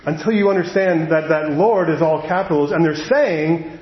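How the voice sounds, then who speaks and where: A man preaching a sermon in a conversational, animated way, with quick asides and the odd chuckle. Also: fairly high pitch. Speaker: pastor. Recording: echoey room, dull lo-fi sound.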